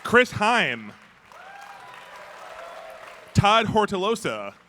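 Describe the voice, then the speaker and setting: A man's voice: high voice, big pitch swings, extremely slow, pushed and bright. A man hosting a convention closing ceremony on stage, joking loosely with his co-host as he reads out sponsor names. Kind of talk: live stage banter. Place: large convention hall stage. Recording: convention hall with crowd noise. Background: crowd and room noise.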